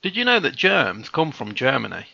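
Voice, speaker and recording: A British man in casual stream banter, his voice bright and a little gravelly. He delivers jokes dryly, with a dead-close dry sound that is slightly muffled and lo-fi. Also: mid-range voice, normal speed, dry recording. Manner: joking, deadpan banter. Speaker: streamer host. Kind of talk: casual chat.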